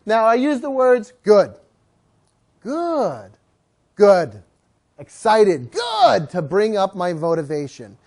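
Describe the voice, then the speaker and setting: A woman's voice: mid-range voice, darkish tone. A woman dog trainer teaching a live class, telling stories, acting out dogs and owners, and coaxing the group to repeat words after her.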